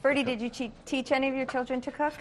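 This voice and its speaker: A woman's voice: high-pitched, fairly even intonation, a little hiss or hum. A woman hosting a TV talk show from a studio kitchen set, chatting and laughing easily with her guests. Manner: bubbly, quick to laugh.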